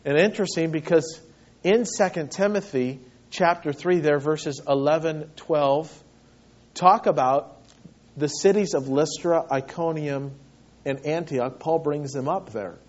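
A man's voice: a little high, a little slow, darkish tone, lo-fi sound. A man preaching a sermon as pastor, earnest and emphatic, repeating phrases for weight.

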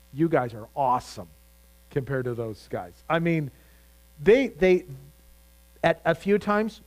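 A man's voice: on the high side, low-quality recording. A man preaching a sermon as pastor, talking conversationally with frequent restarts and rising emphasis.

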